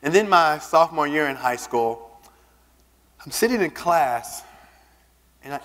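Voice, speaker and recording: A man giving a keynote speech, telling personal stories in an animated way and acting out the voices of the people he quotes. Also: medium pitch. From Southern United States. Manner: animated, acts out quoted voices, repeats words when starting a line. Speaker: keynote speaker. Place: large conference hall. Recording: reverberant hall.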